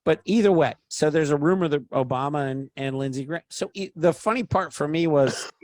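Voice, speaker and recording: Animated swearing man telling a story. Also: on the high side, fairly quick, no room sound, clean studio sound. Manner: animated, swears freely, acts out quotes loudly. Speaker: podcast storyteller. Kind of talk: casual storytelling chat.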